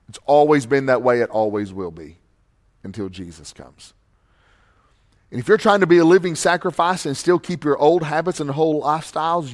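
A man preaching a sermon as pastor, swinging from loud, emphatic lines to hushed ones. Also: on the high side, lively intonation, normal speed.

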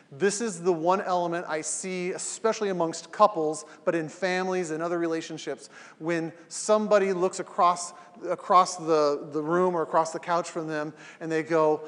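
A man with a fairly high voice teaches an evening class, earnest and emphatic, slipping into little acted-out quotes to make his points. His voice rings with a long reverb from the large hall around him. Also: a bit bright. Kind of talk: live talk to a class, later posted as a podcast.

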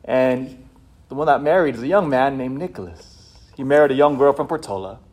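A male priest giving a passionate homily, swinging between loud, fired-up shouting and hushed, quiet stretches. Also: mid-range voice, fairly quick. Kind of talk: sermon.

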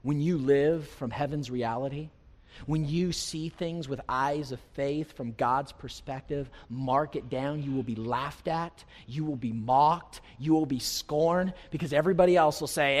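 A man preaching a sermon as a pastor, conversational with light humor, swinging from quiet stretches to loud, rising passages. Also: a little high, unhurried. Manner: preaching with wide swings in loudness, rising to near-shouts. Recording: long hall reverb.

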